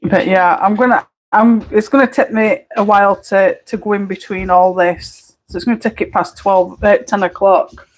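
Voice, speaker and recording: A woman's voice: mid-range voice, steady tone, moderate pace, a little hiss or hum, low-quality recording. Chatty Barnsley woman, blunt and laughing. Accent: Barnsley Yorkshire. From Barnsley, England. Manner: chatty, blunt, laughs often, mild swearing. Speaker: colouring livestreamer. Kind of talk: casual live-stream chat. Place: at home.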